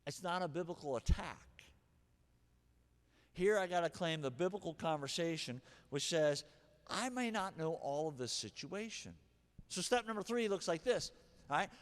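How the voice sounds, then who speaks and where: A man preaching a sermon as pastor, animated, acting out harsh and gentle examples. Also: on the high side, normal speed. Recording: long hall reverb.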